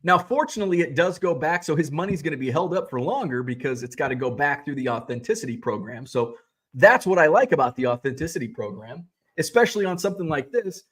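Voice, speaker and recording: Man, middle-aged, livestream host, casual chat, sarcastic and profane, rambling restarts, highish voice. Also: animated, fast, a bit bright. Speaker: host of a sports card selling livestream. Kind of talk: casual livestream chat, reading viewer comments.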